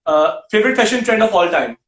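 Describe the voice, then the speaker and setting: A male talk show host firing off quick questions in a brisk, teasing way. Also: sits high, sing-song, fairly bright tone, echoey room. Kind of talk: quick-fire interview questions.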